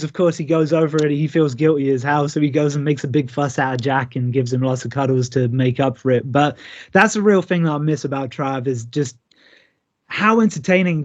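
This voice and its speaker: A man in his thirties, a pro wrestler, telling stories in a remote interview and acting out the lines he quotes. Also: fairly high pitch. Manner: lively, acts out quoted lines. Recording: dull lo-fi call audio.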